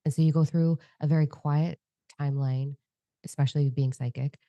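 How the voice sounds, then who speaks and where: Fast-talking unfiltered woman, very deep voice. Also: fairly even intonation, dark tone, dry recording. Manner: fast, unfiltered, swearing freely. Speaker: podcast co-host and psychic medium. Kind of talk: candid casual conversation.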